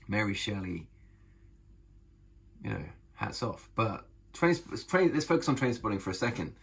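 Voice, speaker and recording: Brief: male author vlogger, low gravelly husky voice, enthusiastic and emphatic delivery. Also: sing-song, normal speed. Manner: enthusiastic, emphatic, repeats phrases. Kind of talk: casual talk to camera about writing.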